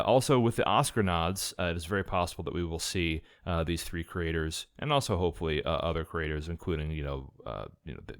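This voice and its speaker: A deep-voiced man hosting a movie review podcast. He talks casually and haltingly, dropping lots of filler "uh"s between phrases. The recording is dry and close, with no room sound. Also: dry recording. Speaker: podcast host.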